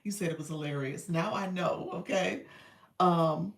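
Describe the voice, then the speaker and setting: A woman hosts a casual live stream, talking slowly with a gravelly rasp and laughing easily between remarks. She sits back from the mic in an echoey room. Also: lowish voice, far from the mic. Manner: chatty, laughs often, addresses viewers as y'all. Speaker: live stream host and coach.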